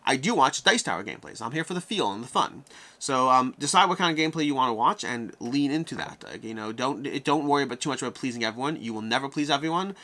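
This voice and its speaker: A man hosting a live-stream Q&A, answering viewer questions in an animated way and talking his thoughts through out loud. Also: mid-range voice, fast.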